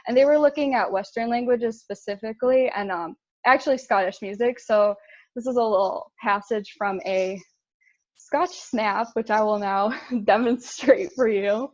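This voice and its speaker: A woman's voice: mid-range voice, normal speed, no room sound, highs cut off. A young woman giving a casual intern presentation, chatty, with fillers and laughs at her own slips.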